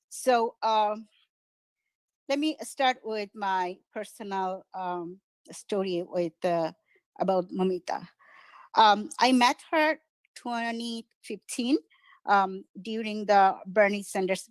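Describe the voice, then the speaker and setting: A woman's voice: mid-range voice, no room sound. Bengali-accented woman speaking with many fillers. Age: middle-aged. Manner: halting, many fillers and restarts, enthusiastic. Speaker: community organizer and guest speaker. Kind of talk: informal virtual speech. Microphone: video call.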